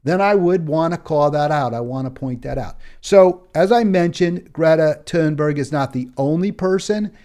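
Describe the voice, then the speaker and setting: A man's voice: a little high, moderate pace, hardly any pauses, dark tone. A man with an American accent hosting a solo political commentary show, talking in an impassioned way with emphatic repetition and frequent fillers and restarts.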